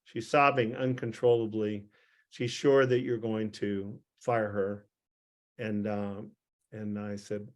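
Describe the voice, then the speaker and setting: A man's voice: fairly low pitch, level tone, slow pace. An older man, a physician, telling a rambling, self-deprecating anecdote to a group on a video call, with frequent restarts and chuckles.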